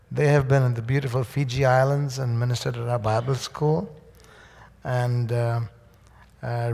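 A man's voice: medium pitch, gravelly. A man, speaking as a guest preacher to a church congregation, rambling with many fillers and restarts. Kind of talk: church sermon. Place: church sanctuary. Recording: church hall reverb.

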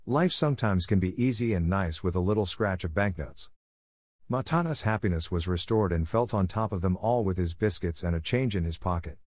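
Low-voiced man reading a story. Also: animated, fairly quick, darkish tone, no room sound, studio quality.

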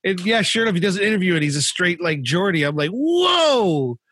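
A man's voice: high voice, very fast, pushed and bright, slightly rough. A man in casual podcast chat who rants and swears, with a Northeast English accent. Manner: sweary, ranting, mocking. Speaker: podcast co-host.

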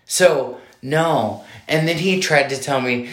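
A man in his thirties telling a story casually, animated and indignant, with many fillers. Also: medium pitch, slow pace, echoey room. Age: 30s.

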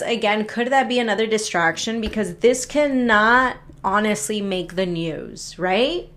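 A woman hosting her own podcast, ranting in a casual, exasperated way, swearing freely and restarting her sentences. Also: medium pitch. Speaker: podcast host. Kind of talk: casual solo podcast rant.

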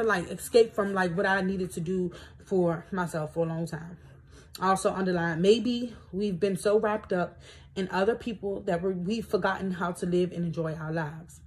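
A young woman with a D.C. talks on her podcast in a loose, rambling, reflective way, full of fillers. Her voice is husky and a little breathy, at a middle pitch for a woman. She drifts between her own life and lines she reads from a book. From Washington, D.C. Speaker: podcast host. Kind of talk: casual personal reflection, reading from a self-help book.

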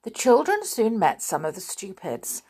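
A woman reading a children's storybook aloud as narrator, expressive and unhurried. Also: mid-range voice, breathy edge.

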